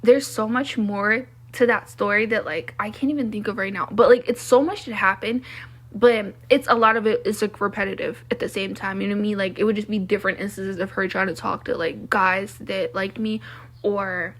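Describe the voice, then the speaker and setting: A woman's voice: medium pitch, fairly even intonation, a little fast, a bit bright. A young woman vlogging a casual storytime rant, blunt and exasperated, filling her talk with "like". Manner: blunt, exasperated, heavy use of "like".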